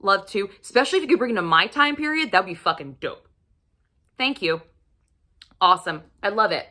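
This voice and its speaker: A woman vlogger recommending romance books to camera, gushing and swearing freely, sometimes dropping into a breathy whisper. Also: mid-range voice, lively intonation, a little fast, bright, forceful tone. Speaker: book reviewer. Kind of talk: casual book recommendation vlog.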